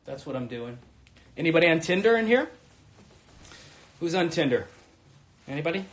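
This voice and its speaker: Man, 30s, brash stand-up host, high voice, crude rambling, home live stream. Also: sing-song, normal speed. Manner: brash, crude and rambling, swinging between shouts and mutters. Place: home room.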